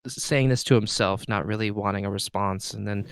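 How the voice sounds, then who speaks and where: Low-voiced man narrating his character. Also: fairly even intonation, a little fast, clean tone. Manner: hesitant, loose phrasing. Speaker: player.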